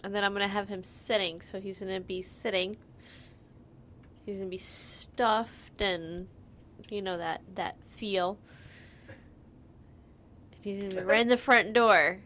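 A woman's voice: mid-range voice, steady tone, measured pace, long pauses, fairly bright tone, a little hiss or hum. A young woman co-hosting a podcast in casual chat, rambling with lots of fillers and giggling. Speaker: podcast co-host.

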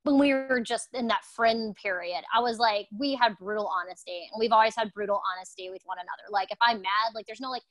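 A woman's voice: fairly high pitch, fairly quick, hardly any pauses, a bit bright, no echo, poor audio. A woman talking candidly and intensely in a casual conversation as co-host.

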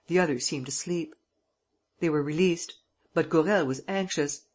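An audiobook reader narrating a classic novel in a steady, even way. The voice has a husky grain and sits at an ordinary middle pitch. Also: moderate pace.

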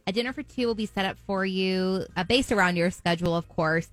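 A woman's voice: mid-range voice, a little fast, no room sound, faint music behind. A woman co-hosting a radio show, playful and nosy, chatting friendly with a caller. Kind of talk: radio show banter and prank call.

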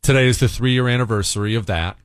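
A man's voice: medium pitch, quick pace, smooth, no room sound. A male host giving an urgent, exasperated political commentary monologue, hammering key phrases by repeating them.

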